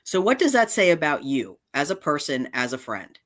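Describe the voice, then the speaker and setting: A woman's voice: low voice, very animated, moderate pace. A woman vlogger delivering an angry, confrontational rant straight to camera, indignant and repeating her points. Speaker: cat channel vlogger.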